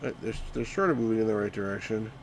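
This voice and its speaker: A man streaming a retro game live, commenting excitedly, shouting at the on-screen sheep and greeting chat viewers. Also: fairly low pitch, fast, slight background noise. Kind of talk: live let's-play commentary.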